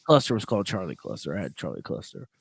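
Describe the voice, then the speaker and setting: A man who works as a prison sergeant, chatting casually on a podcast and telling profane stories with big swings between loud and quiet. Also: low-pitched, huge pitch swings, fast, gravelly, slight background noise. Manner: profane storytelling with swings in loudness.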